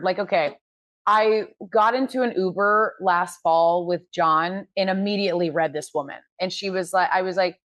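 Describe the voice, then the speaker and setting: A woman with a lowish voice, chatting on a podcast and spinning animated stories full of quick asides. The sound is dry and close, with little room around it. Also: no room sound. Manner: animated storyteller, quick asides, laughs often. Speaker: podcast co-host. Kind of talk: casual chat.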